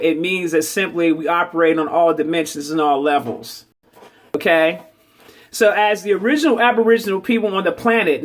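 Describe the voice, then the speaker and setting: A man's voice: high-pitched, fairly bright tone. A man giving a preachy spiritual vlog talk, calling listeners babies and asking "okay?" again and again. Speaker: spiritual social media host.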